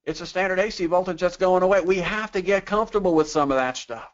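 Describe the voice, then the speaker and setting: A man gives a sales training webinar conversationally, tossing out rhetorical questions and acting out customers in quoted voices. His voice is high-pitched and quick, and the recording's highs are cut off.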